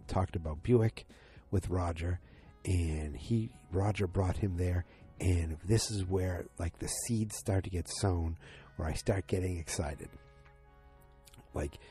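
Low, dark-voiced man recapping a show. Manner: rambling, excitable, acts out quoted lines. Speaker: TV episode recapper. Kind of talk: casual episode recap.

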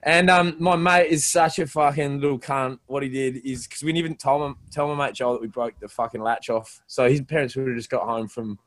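A man's voice: mid-range voice, brisk, hardly any pauses. A young Australian man telling crude stories in a casual podcast chat, swearing often and laughing as he goes. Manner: crude, laughing, animated storyteller. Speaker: podcast guest.

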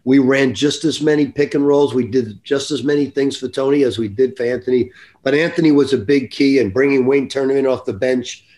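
A man's voice: mid-range voice, brisk, darkish tone. An older man, a basketball coach, talking earnestly and reflectively as a guest on a podcast. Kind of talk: podcast interview.

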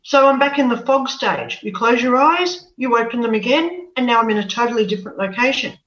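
A woman recounts her experience as an interview guest, earnest and repeating words as she searches for them. Her voice is bright and fairly high. She sounds set back from the mic in an echoey room, with a dull, muffled tone. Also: lively intonation, a little fast, recorded from a distance. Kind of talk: personal storytelling interview.

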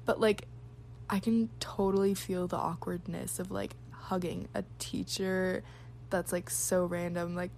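A woman's voice: lowish voice, little pitch movement, a little slow, creaky, darkish tone, slight background noise. A young woman vlogging in a casual, chatty way, reading out viewers' embarrassing stories and reacting with frequent "like"s and giggles. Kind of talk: casual chat.

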